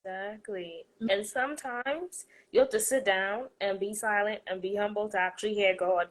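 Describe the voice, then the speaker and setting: A woman's voice: medium pitch, rough recording. A woman hosting a podcast, chatting playfully about faith and laughing often. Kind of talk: casual faith chat.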